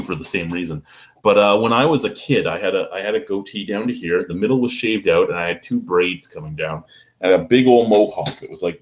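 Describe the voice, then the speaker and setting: A man, rambling through profane stories in a casual vlog, with lots of restarts. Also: low-pitched. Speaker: beer review vlogger. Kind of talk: casual storytelling.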